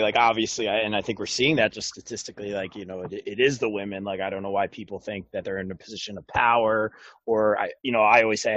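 A man's voice: lowish voice, fairly bright tone, dry recording, lo-fi sound. A man hosting an interview, asking loose, meandering questions filled with hesitations. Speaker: interview host. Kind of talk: casual interview talk.

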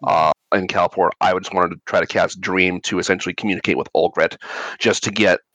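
A man with a very low voice talks through a spell for his tabletop game character. He rambles and restarts a lot as he explains. The sound is dry and close. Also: fairly even intonation, fairly quick, fairly bright tone, dry recording, dull audio. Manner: rambling, many restarts and filler words. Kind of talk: casual explanation of game rules.

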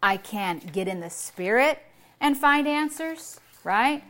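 A woman's voice: a little high, lively intonation, takes it slowly, a bit bright. A woman pastor preaching a sermon, exuberant, repeating short phrases and breaking into long fits of laughter.

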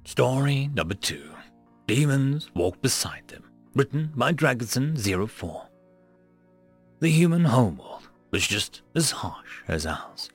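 A man narrates science-fiction stories in an expressive reading voice with a middle pitch. His delivery rises and falls a lot. The sound is dry and close, with faint music underneath. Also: unhurried, slightly rough, dry recording. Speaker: story narrator. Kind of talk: reading sci-fi stories aloud.

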